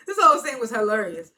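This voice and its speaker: Woman, bright crisp voice, casual TV episode recap, chatty, amused, laughs a lot. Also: mid-range voice. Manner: chatty and amused, laughs often, retells scenes with "he was like". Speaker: TV episode reviewer.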